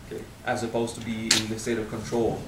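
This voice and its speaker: A man in his thirties with a French accent, speaking at a spiritual seminar, frank and animated, swearing casually and drawing out key words. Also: lowish voice, fast talker, roomy sound, far from the mic, heavy background noise. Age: 30s. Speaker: spiritual teacher. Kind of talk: seminar talk.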